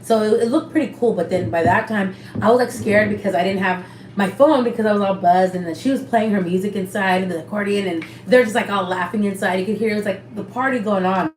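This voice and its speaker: A young woman telling a story in casual chat, animated and swearing, slipping Spanish phrases into her English. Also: mid-range voice, fast talker. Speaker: co-host. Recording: echoey room, faint background hum.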